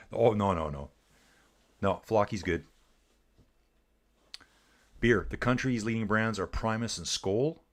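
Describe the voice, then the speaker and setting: Man, lowish voice, livestream race commentator; loose, jokey, chats with viewers. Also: takes it slowly, long pauses. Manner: chatty, jokey, reads viewer comments aloud. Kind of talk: casual live commentary reading chat.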